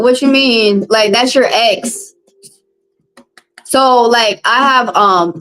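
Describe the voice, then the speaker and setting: A woman's voice: medium pitch, fairly bright tone, low-quality recording. Blunt woman, casual live-stream tarot reader talking straight to her chat.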